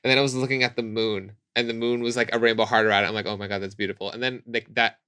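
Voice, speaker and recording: A man co-hosting a podcast, telling stories in animated casual chat and jumping into high squealing voices. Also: fast, smooth, no echo. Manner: animated storyteller, swoops up into squealing voices for quotes. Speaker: podcast co-host.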